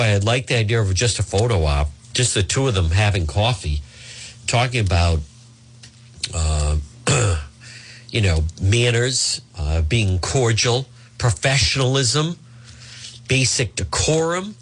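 A man's voice: fairly low pitch, husky. A man hosting a political talk radio show, delivering combative, emphatic, sarcastic commentary.

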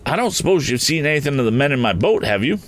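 An earnest young inventor, voiced by a male reader pitched well above the reader's own voice. He presses urgently and determinedly, and the lines leap around in pitch. A storybook hero in a hurry. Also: very animated, fast, close to an everyday voice. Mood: eager.

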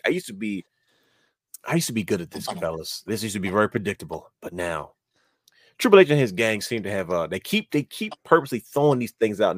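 A man hosting a casual wrestling podcast, talking in animated, rambling runs and laughing often. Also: fairly low pitch, no echo, studio quality. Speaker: podcast host.

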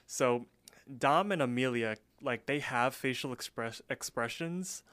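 A young man co-hosting a podcast, casually recapping a cartoon episode with lots of fillers and quick acted-out quotes. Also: mid-range voice, a bit bright, smooth, no echo. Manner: chatty, many fillers, acts out quotes. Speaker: podcast co-host.

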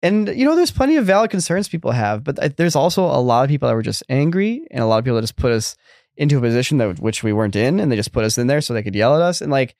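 A man's voice: medium pitch, big pitch swings, racing, darkish tone, dry recording, clean studio sound. A man in his thirties co-hosting a casual podcast chat, rambling with lots of fillers and restarts. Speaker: podcast co-host.

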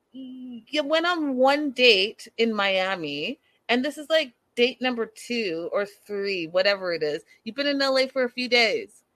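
This fairly high, sharp-toned woman's voice, recorded with no room sound, belongs to a young woman casually recapping a reality show. She's chatty and incredulous, speaking directly to her viewers and calling them "you guys."

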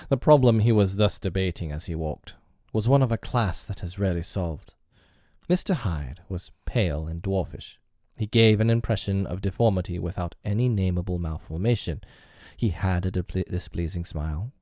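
A man reading a classic novel aloud in a measured, steady storybook narration. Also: low-pitched, no echo, clean studio sound.

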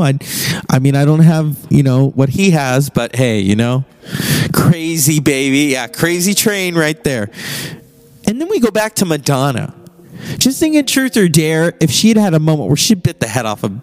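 A man hosting a podcast in a casual, irreverent monologue, swearing freely and slipping into mock voices. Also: on the high side. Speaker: podcast host.

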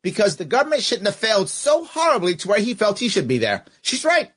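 Sarcastic commentator guy, kinda husky, voice bouncing all over as he mocks the clip. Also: sits high, huge pitch swings, brisk, a bit bright. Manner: sarcastic, argues back at the clip. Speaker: political commentator.

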